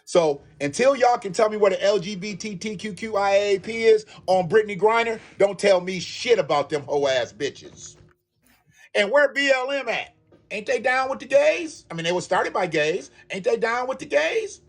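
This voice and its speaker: A man's voice: sits high, a bit bright. A man delivering an angry, profane, repetitive rant as a YouTube commentator. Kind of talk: angry ranting monologue.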